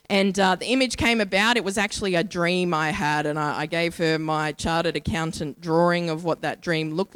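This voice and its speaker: A woman's voice: fairly low pitch, a bit bright, no echo. Australian woman giving a rhythmic sermon. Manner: rhythmic, listing with measured pauses. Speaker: speaker at a church. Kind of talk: sermon-style spoken reflection.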